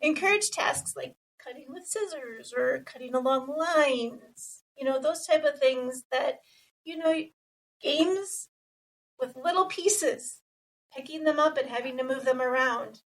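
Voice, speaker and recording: A woman co-hosting a podcast who calmly explains and lists examples as an occupational therapist. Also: high-pitched, a little slow, recorded from a distance, rough recording. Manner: steady, explanatory, listing examples. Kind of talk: casual podcast chat, explaining.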